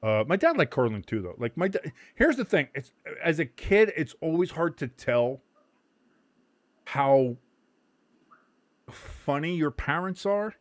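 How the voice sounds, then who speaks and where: A man hosting a live match watch-along in casual chat. He gets excited easily, swears freely, laughs often and shouts at big moments. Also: fairly high pitch, a little slow, pauses often, no room sound.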